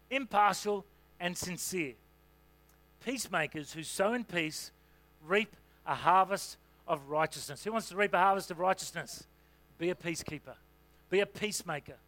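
Man, sermon, casual and joking delivery, bright tone, dry recording. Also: high voice, no room sound. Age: adult parent. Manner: conversational, humorous, with asides and fillers. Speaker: preacher.

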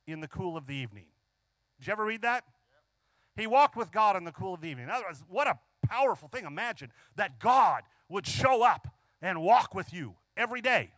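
A man preaching a sermon in a fairly high voice, leaning hard on key phrases and stretching them out. He keeps asking his listeners questions. The sound is dry and close, with no room echo. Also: a bit bright. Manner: asks the congregation frequent rhetorical questions.

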